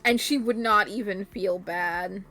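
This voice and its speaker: A woman's voice: mid-range voice, unhurried, pushed and bright, soft background music. A woman streamer in casual chat, telling a playful story with frequent laughs and crude swearing.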